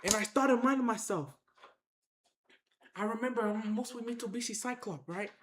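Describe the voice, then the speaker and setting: A speaker telling a wild story to viewers in casual slang, acting out fights with shouted sound effects and repeated phrases. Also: mid-range voice, normal speed, echoey room, slight background noise. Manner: excited, acts out the action with sound effects and shouts. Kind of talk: animated tall-tale storytelling to viewers.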